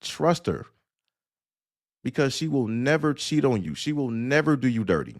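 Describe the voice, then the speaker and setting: On an audio-only live stream, a male host rants sarcastically and bluntly lectures the listener, addressing them directly. His medium-pitched voice is sing-song and a little fast, picked up by an audio-only stream mic.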